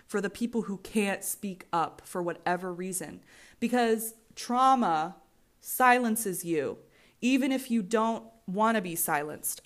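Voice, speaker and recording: A woman's voice: medium pitch, fairly bright tone. A woman in her twenties with an American accent, hosting a solo podcast in a candid, rambling way, swearing freely and often restarting her sentences. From United States. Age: 20s. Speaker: podcast host.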